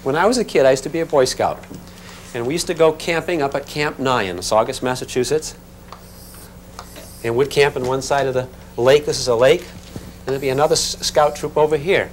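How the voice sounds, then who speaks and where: A man teaching a physics class in a classroom, talking in a relaxed, conversational way and checking in with his students. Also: medium pitch, a little fast, slight background noise. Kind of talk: classroom lecture.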